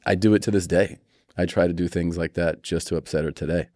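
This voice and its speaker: A man's voice: low voice, fast talker, dry recording, studio quality. A man in his forties telling funny family stories as a podcast guest, acting out quoted voices as he goes. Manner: animated storyteller, acts out quoted voices. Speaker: comedian guest. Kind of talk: casual storytelling interview.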